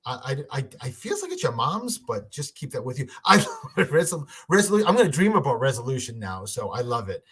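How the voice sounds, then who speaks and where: Husky chatty man hosting a livestream. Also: mid-range voice, sing-song, a little fast, fairly bright tone. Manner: chatty, rambling, many restarts and fillers. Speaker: medium, livestream host. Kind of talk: casual livestream reading for viewers.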